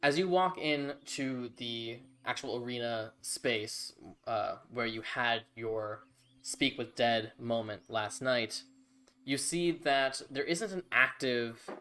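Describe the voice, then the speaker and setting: A man's voice: medium pitch, slow pace, sharp tone. A man narrating a tabletop game as game master, casual and rambling.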